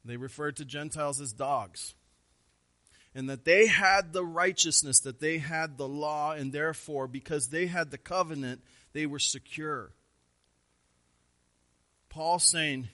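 Bright-voiced preaching man. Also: unhurried. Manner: preaching, rising to emphatic stresses, then dropping low and quiet; repeats words when pressing a point. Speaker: pastor. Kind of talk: sermon.

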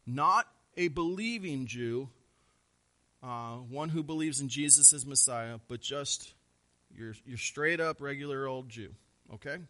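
Bright-voiced preaching man. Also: measured pace. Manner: preaching, rising to emphatic stresses, then dropping low and quiet; repeats words when pressing a point. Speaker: pastor. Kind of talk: sermon.

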